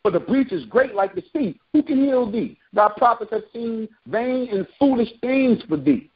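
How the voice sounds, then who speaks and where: Husky high-voiced man preaching scripture. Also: expressive, moderate pace, dull audio. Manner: reads verses then breaks into slangy asides. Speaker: street preacher.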